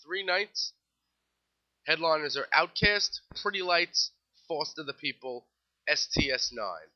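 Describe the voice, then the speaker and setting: This young man from New York City speaks slowly, his fairly high voice carrying lively intonation as he hosts a casual music news program by himself. Between items on the festival lineups he drops wry, offhand asides; the lo-fi recording is slightly dull.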